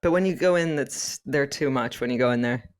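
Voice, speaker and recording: A woman co-hosting a podcast in casual chat, playful and quick to laugh. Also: rumbling low. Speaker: podcast co-host.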